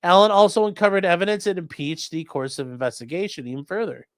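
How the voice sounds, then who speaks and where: A man hosting a livestream as an attorney, giving sarcastic, animated legal commentary. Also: sits high, fast, dry recording. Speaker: attorney and channel host.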